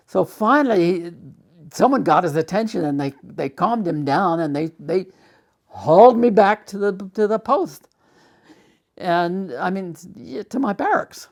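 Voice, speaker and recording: An older man telling his life story for a documentary, halting and full of restarts. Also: a little high, vocal fry. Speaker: documentary interviewee. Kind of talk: personal storytelling.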